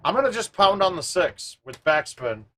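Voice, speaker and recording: A man hosting a live stream, chatting casually with viewers and thinking out loud as he plays a golf game. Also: high voice, very animated, normal speed.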